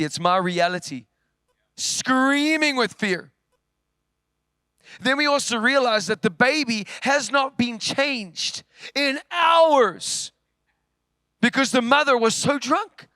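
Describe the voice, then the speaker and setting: Animated high-voiced male preacher. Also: slow pace, clean tone, dry recording. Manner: animated storyteller, swings from loud to hushed. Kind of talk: sermon storytelling. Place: church.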